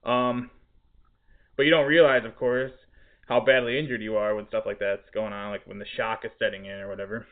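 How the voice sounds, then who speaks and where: A man's voice: lowish voice, steady tone, fairly quick. A man, a podcast host and restaurant cook, telling a story in casual chat, laughing and swearing in exasperation. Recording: tinny phone-like audio.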